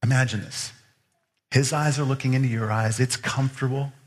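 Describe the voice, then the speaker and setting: A man's voice: medium pitch, steady tone, fairly quick. A man preaching a sermon as pastor, earnestly pressing his listeners with repeated questions. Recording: long reverb of a large hall.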